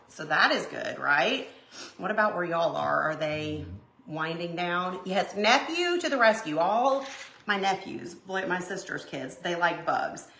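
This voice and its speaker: On a live crafting stream, a woman chats casually with viewers, rambling and full of asides. Her voice is medium in pitch with a sharp tone. The room sounds echoey, and there's a little hiss or hum.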